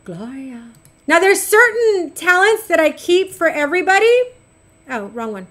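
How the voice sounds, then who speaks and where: Her pitch is extremely high and her delivery unhurried as this middle-aged woman chats with viewers during a gaming stream. She's animated, chatty and affectionate toward chat.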